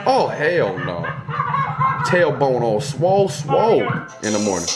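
A man's voice: mid-range voice, very animated, measured pace, loud music behind the voice. A young man giving casual reaction commentary on funny clips, swearing and joking in heavy slang. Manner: profane, exclaiming, joking slang-heavy banter.

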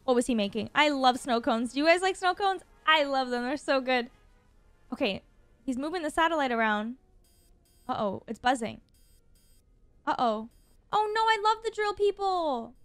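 Very high-pitched excitable woman reacting. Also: moderate pace, pauses often, dry recording, faint music behind. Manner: excitable, gasps often, talks to viewers. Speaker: reaction video host.

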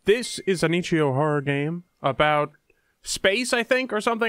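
A man giving excitable commentary on a horror game, yelping and shouting at scares. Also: fairly high pitch, moderate pace, smooth, no echo, clean studio sound. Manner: jumpy, yelps and shouts at scares. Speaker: let's play host.

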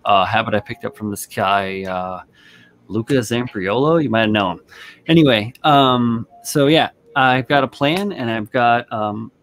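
A man's voice: mid-range voice, a little hiss or hum. A man hosting a casual hobby stream, chatting loosely and swearing offhandedly while he shows a model build. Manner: laid-back, rambling, swears casually. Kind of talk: casual chat on a group stream.

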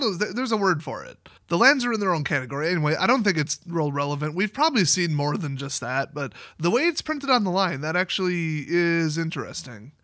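A man casually commenting on card game previews, chatty and excitable, laughing often. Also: a little high, no echo, studio quality.

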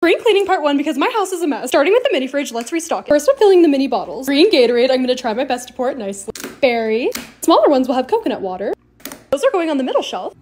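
A bubbly woman talks over her own vlog in quick, gushing little remarks. Her voice sits high and bounces lively up and down, and a steady hiss runs under the close recording. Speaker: lifestyle content creator.

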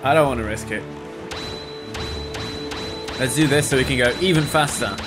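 A man's voice: mid-range voice, normal speed. A man giving casual, profane let's play commentary, joking and talking to himself as he plays. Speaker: gameplay commentator. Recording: game music loud behind.

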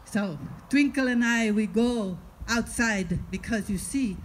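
Slow, high-voiced woman telling a comic story. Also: slight background noise, poor audio. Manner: deadpan asides, chatty with the audience. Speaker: stand-up storyteller.

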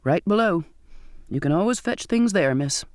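A man's voice: high-pitched, animated, normal speed, a little mellow, no echo, clean studio sound. A man doing a cringing, decrepit old sailor. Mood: hangdog. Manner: murmuring, hangdog, humble.

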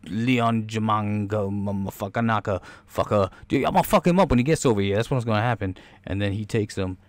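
Excitable, profane podcast host. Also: male voice, fairly low pitch, brisk, no room sound. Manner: excitable, rambling, profane, does voices. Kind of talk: casual movie trailer reaction.

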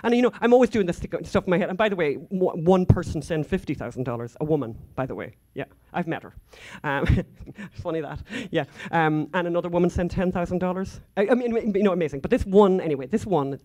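A woman's voice: lowish voice, quick pace, few pauses, darkish tone. An Irish woman giving an anecdotal conference talk, chatty and rambling, full of asides and fillers. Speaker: conference speaker. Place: conference hall stage.

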